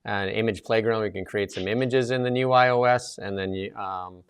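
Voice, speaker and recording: A man's voice: fairly low pitch, steady tone, moderate pace, smooth. A man co-hosting a talk show, chatting casually in a rambling way with many fillers. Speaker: co-host.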